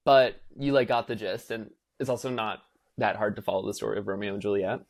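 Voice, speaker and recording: A young man co-hosting a casual podcast, telling a lively story with lots of fillers and acting out what people said. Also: fairly low pitch, brisk, gravelly. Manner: animated storyteller, acts out quotes in voices, many fillers. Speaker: podcast co-host.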